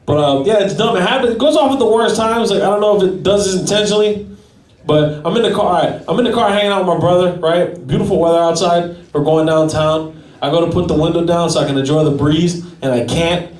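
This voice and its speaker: A man's voice: a little high, fairly even intonation, quick pace, darkish tone. A man doing a self-deprecating stand-up set at an open mic, chatting with the crowd. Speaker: stand-up comedian. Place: small gallery venue at an open mic. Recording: echoey room from a distance.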